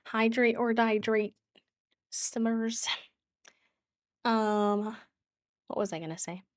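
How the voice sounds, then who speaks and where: A woman streamer chatting casually and warmly with her viewers, with a lot of fillers and easy laughs. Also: on the high side, fairly even intonation, slow, no room sound, studio quality. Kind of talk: casual live-stream chat.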